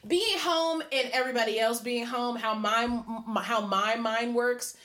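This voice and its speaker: A woman's voice: a little high, a little slow, fairly bright tone. A woman co-hosting a podcast, talking openly and reflectively about how she feels at home. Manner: open, reflective, rambling. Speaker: podcast co-host. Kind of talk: casual chat and reflective check-in.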